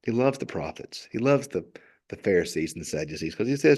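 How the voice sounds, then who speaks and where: Man, pastor, gravelly voice, earnest preaching, repeats himself for emphasis. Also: on the low side, very animated, a little fast, darkish tone. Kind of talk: devotional sermon reflection.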